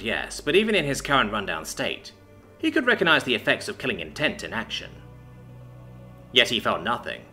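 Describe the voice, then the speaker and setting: Bright, expressive male story narrator. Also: medium pitch. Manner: expressive, dramatic reading. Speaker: audiobook narrator. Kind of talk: scripted fantasy story narration. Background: faint background music.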